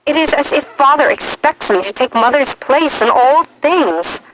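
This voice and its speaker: A woman's voice: high voice, lively intonation, a little slow, a bit bright, slight background noise, voice pushed up, poor audio. A woman reading a storybook, voicing a frustrated young girl in mourning who talks intensely and with emphasis.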